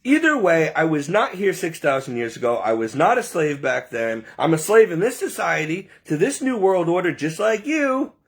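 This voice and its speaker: A man's voice: a little high, big pitch swings, normal speed, hardly any pauses. A man delivering an impassioned, preachy monologue, indignant and full of rhetorical questions.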